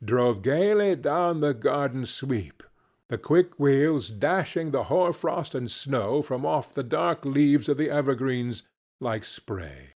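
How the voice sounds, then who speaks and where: A man narrating a classic story as an audiobook reader, in a deliberate, expressive way. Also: mid-range voice. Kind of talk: scripted narration.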